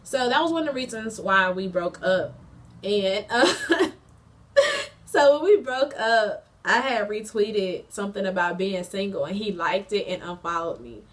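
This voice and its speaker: A woman's voice: medium pitch, moderate pace, far from the mic. Chatty young woman telling a story. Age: 20s. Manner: chatty, slangy, frequent fillers; animated, laughs mid-story. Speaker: college student vlogger. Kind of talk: casual storytime chat.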